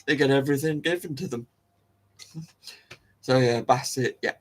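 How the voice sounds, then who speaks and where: A man's voice: mid-range voice, normal speed. A man hosting a casual solo talk, rambling and giggling with many restarts. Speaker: host. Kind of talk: casual solo talk about dog breeds.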